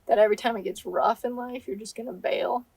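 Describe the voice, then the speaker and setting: A young adult woman rambling through a casual interview, halting often and laughing as she talks. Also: on the high side, steady tone, vocal fry, over a noisy crowd, poor audio. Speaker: climber telling her story.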